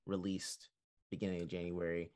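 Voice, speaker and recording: A man's voice: sits low, moderate pace. A man co-hosting an entertainment podcast, talking casually and animatedly with lots of fillers. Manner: animated, filler-heavy storytelling. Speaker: podcast co-host. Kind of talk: casual chat.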